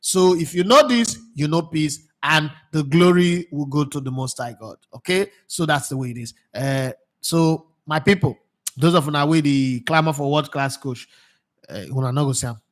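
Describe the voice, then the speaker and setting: A Nigerian man with a Nigerian accent hosts a casual football talk show. His voice sits a little high, and he swings in and out of Pidgin with lively, laughing energy. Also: normal speed. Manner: animated, mixes Pidgin with English, laughs often. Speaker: sports show host.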